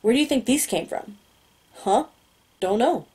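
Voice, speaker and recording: A woman's voice: fairly high pitch, animated, a little slow, exaggerated voice. A woman reading an audiobook, voicing two baffled male night guards who call out in alarm. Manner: gruff, alarmed, loud calls. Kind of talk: audiobook character voice.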